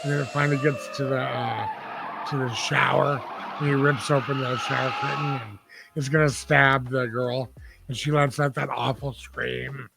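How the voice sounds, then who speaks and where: A man's voice: medium pitch, level tone, normal speed, gravelly. A man, chatting as a podcast guest in a rambling, laid-back way, laughing often. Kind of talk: casual chat.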